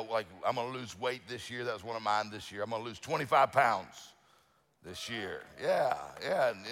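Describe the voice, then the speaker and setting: A man's voice: medium pitch, a bit bright, long reverb tail. A middle-aged male pastor preaching a sermon, telling folksy stories with lots of restarts and fillers. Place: church sanctuary.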